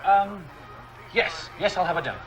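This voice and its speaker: An English comedian in a mockumentary scene, polite but indignant and prone to stammering. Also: male voice, sits high, moderate pace, music in the background.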